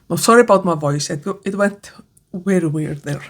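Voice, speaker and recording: A woman's voice: lowish voice, normal speed. A woman with a non-native English accent giving a casual book review, hesitant with many fillers and restarts. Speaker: book vlogger.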